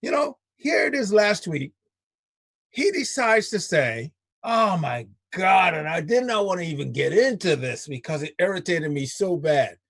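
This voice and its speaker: A man hosting a casual chat, animated and ranting, who stretches words for emphasis. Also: sits high, moderate pace, vocal fry, no echo. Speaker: host.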